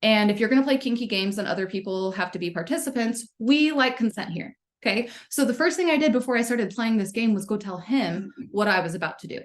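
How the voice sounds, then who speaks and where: A woman's voice: medium pitch, fairly quick, few pauses. A young adult woman leading a spiritual gathering, telling a personal story in a candid, casual way with frequent swearing and check-ins with her listeners. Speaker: spiritual community leader. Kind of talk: casual spoken sermon.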